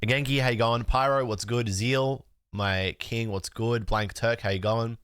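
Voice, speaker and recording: A man's voice: medium pitch, steady tone, measured pace, a bit bright, clean tone, no echo, studio quality. A man with a sick, nasal, congested voice, chatting loosely as a livestream host and joking with his chat. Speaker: streamer.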